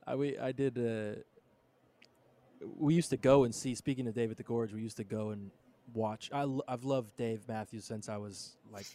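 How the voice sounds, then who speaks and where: A man in his thirties co-hosts a podcast, his voice sitting at an everyday middle pitch. He tells a road story in a relaxed, rambling way, dropping "dude" and "bro" as he goes. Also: moderate pace. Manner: laid-back storyteller, lots of "dude" and "bro". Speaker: podcast co-host. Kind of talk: casual chat.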